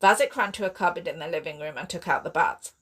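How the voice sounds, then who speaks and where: A woman author reading her own sci-fi horror novel aloud in steady, expressive audiobook narration. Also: lowish voice, fast.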